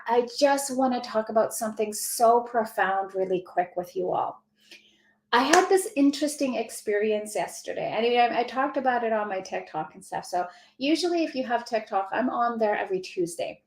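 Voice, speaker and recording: Indoors at home, a woman hosts a casual livestream as a spiritual mentor, gushing and effusive, greeting viewers by name and laughing often. Her medium-pitched voice is a little mellow, and the rough recording sounds reverberant.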